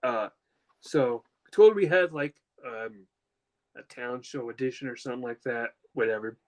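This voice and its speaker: A man's voice: mid-range voice, moderate pace, poor audio. A young man telling a personal story in casual chat, emotional and rambling, with lots of fillers and restarts. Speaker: podcast host.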